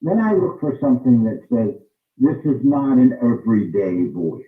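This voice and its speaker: A man talks through his views in an interview, pressing his points and repeating them for stress. His voice sits at an ordinary pitch. It comes through thin and phone-like, from a distance in a roomy space. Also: very animated, moderate pace. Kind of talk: interview answer, explaining. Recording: tinny phone-like sound, roomy, off-mic.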